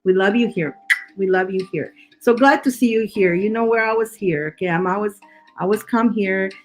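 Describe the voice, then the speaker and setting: A woman's voice: medium pitch, fairly quick. Chatty woman giving a tarot reading. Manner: reassuring, chatty, many restarts and repeated words. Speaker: tarot reader. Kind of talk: live-streamed psychic reading.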